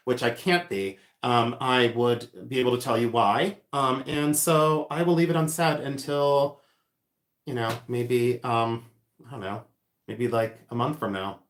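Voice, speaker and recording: A man hosts a relaxed livestream and answers viewer comments as they come in. His talk is giggly and meandering, full of ums and quick laughs, at an ordinary middle pitch. The room around him rings with a noticeable echo. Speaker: livestream host selling vintage jewelry. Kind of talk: casual livestream chat reading viewer comments. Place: echoey room. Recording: echoey room sound.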